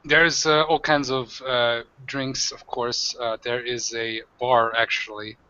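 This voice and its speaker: Bright-voiced man running a tabletop game. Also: mid-range voice, little pitch movement, slow, clean tone, muffled recording. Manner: rambling, many fillers. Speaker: game master.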